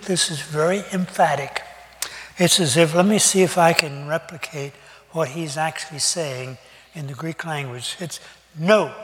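A man's voice: on the high side, fairly bright tone. Older man preaching in a reverberant hall. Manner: conversational, folksy, with pauses and fillers. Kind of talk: sermon.

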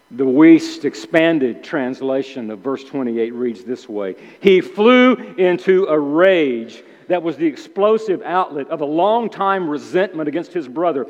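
A man preaching in a lively, swooping voice that sits a little high for a man. He acts out the characters' grumbles with sudden emphatic bursts. His words ring out with a long reverb in a church hall, and the recording sounds somewhat dull. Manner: animated, voices the characters' complaints with emphatic outbursts. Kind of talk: sermon.

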